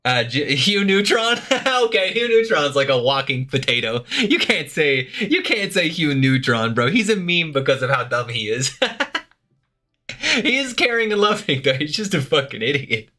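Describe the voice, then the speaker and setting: A young man riffs through a casual stream reaction, cursing freely and laughing between thoughts. His voice is bright and tense, and it leaps around with lively pitch. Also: normal speed. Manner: loose, profane, laughs often, lots of fillers.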